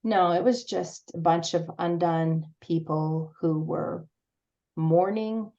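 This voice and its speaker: A woman speaking to a support group as guest, telling a personal story in an earnest, halting way with many restarts. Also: fairly low pitch, warm tone, muffled recording.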